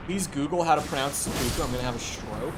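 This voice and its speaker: A man's voice: medium pitch, fast talker, heavy background noise. A man streaming a video game, chatting casually, swearing freely and talking back to the screen as he plays. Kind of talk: casual live-stream gameplay commentary.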